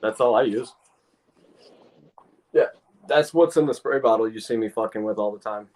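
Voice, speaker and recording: A man's voice: fairly low pitch, normal speed, a little mellow. A man chatting casually on a live stream in an offhand, matter-of-fact way.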